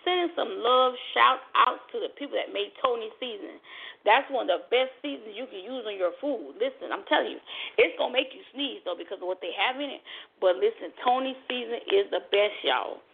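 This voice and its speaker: A woman's voice: a little high, animated, a little fast, vocal fry, breathy edge. A woman hosting a podcast, talking casually and chattily and calling her listeners y'all. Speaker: podcast host. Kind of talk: casual solo chat. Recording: tinny phone-like audio.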